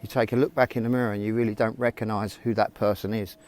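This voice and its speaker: A man's voice: lowish voice, level tone, fast talker, a little mellow. Frank, rambling male self-help vlogger. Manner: rambling, informal, frank, addresses viewers directly. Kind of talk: casual motivational talk to camera.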